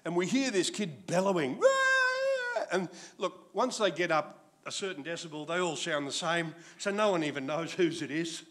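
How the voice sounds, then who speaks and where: A man in his sixties with an Australian accent, preaching a sermon as pastor in a jokey, animated storytelling manner. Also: fairly high pitch, normal speed.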